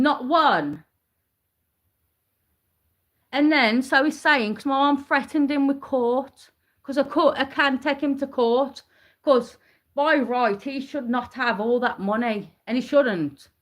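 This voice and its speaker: A woman talks to camera in a heated, rambling rant. Her voice sits high, and she swears and keeps firing the same questions over and over. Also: fairly bright tone. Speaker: vlogger. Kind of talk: ranting to camera.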